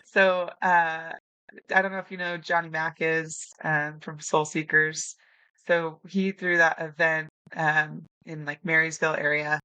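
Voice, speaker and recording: A young woman guest telling lively stories in a casual interview, acting out quotes and laughing often. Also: deep voice, measured pace, clear, resonant tone, no echo, muffled recording. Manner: animated storyteller, acts out quotes, laughs often. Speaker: podcast guest, new hunter.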